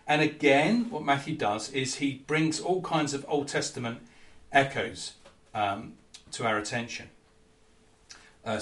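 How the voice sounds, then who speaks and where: A man giving a conversational sermon, often pausing with ums and uhs. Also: mid-range voice, fairly bright tone. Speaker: preacher. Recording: echoey room, mic at a distance.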